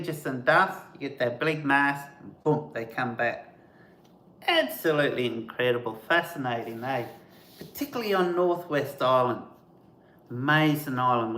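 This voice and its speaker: A man hosting a live stream, telling casual stories in an animated way and mimicking sounds as he goes. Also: medium pitch, reverberant. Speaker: host of a camping channel, live stream.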